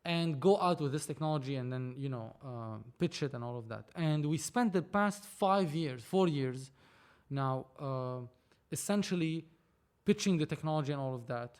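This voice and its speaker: A man, a film producer and podcast guest, telling a story in animated casual talk, acting out dialogue and swearing freely. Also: on the high side, moderate pace, few pauses, smooth. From Lebanon.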